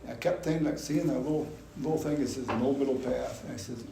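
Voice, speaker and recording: An older man giving a personal testimony at a gospel meeting, telling his story in an animated way and acting out his past anger. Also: mid-range voice, quick pace, vocal fry. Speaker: testimony speaker. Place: gospel hall. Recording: echoey hall, faint background noise.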